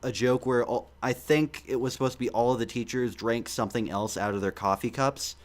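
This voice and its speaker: A man's voice: medium pitch, steady tone, brisk. A young man with an ordinary mid-range voice, talking loosely on a podcast. He chuckles often and stops to search for words, with plenty of ums and restarts. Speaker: podcast co-host. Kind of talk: casual chat.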